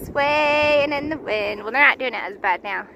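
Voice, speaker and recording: Young woman hiking in deep snow, talks to the camera, high voice, loud wind behind her. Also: lively intonation, moderate pace, vocal fry. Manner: gushing, laughs often, talks to viewers. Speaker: thru-hiker vlogger. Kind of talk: casual trail vlog. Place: outdoors on a snowy mountain trail. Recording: wind and outdoor noise. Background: wind noise.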